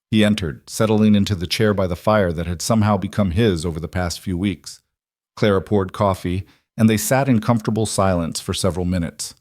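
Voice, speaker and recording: A man giving scripted, measured narration of a story. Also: low-pitched, a little mellow, no echo, clean studio sound.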